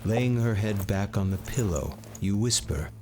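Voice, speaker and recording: A man giving measured second-person scripted narration for a game. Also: lowish voice, lively intonation, a little mellow, faint music behind.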